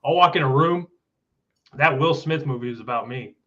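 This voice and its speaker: A man's voice: mid-range voice, normal speed, pushed and bright, highs cut off. A man trading crude, self-mocking jokes in a casual chat as co-host. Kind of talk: casual banter.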